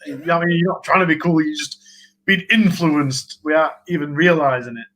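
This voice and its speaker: A man's voice: fairly high pitch, brisk, a bit bright, rough recording. A man with a Sheffield Yorkshire accent, hosting a casual livestream chat in a rambling, laughing way. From Sheffield, England. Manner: rambling, chatty, laughs often. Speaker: livestream host.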